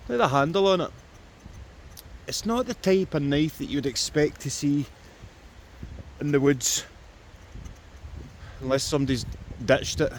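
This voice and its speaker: A man's voice: fairly high pitch, a little slow, pauses often. A Scottish man giving a jokey running commentary on his metal-detecting vlog, filmed outdoors in the woods beside a river. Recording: noisy outdoor recording with river. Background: flowing river.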